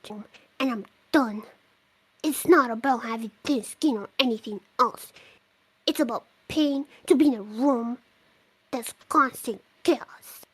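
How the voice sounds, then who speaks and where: A woman reading a listener's letter aloud on a podcast, with expressive delivery, now and then tripping over a word. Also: on the high side, measured pace, slightly rough, poor audio. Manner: expressive reading, slipping up and swearing at her mistakes. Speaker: letter reader.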